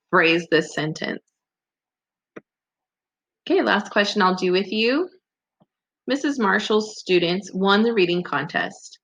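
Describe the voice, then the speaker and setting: A woman's voice: fairly low pitch, bright, forceful tone. A woman teacher giving a remote grammar lesson in a patient, explaining way, reading example sentences aloud. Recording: dull lo-fi recording.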